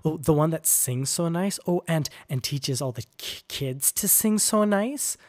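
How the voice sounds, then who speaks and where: A man voicing a skinny, timid male barber with a high, nasal voice who stammers when flustered. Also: lively intonation, a little slow. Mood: eager.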